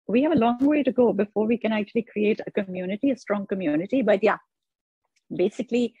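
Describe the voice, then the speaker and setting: A woman's voice: medium pitch, dark tone, slightly rough, no echo. A woman, speaking earnestly as an interview guest about changing old narratives. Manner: earnest, quotes others in mock voices. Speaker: interview guest, author on sexuality. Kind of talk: reflective interview talk. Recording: dull lo-fi sound.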